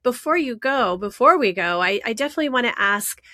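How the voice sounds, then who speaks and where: A woman's voice: a little high, animated, brisk, sharp tone, dry recording, studio quality. A woman hosting a podcast, asking her guest questions in a casual interview with a hesitant manner. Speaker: podcast host.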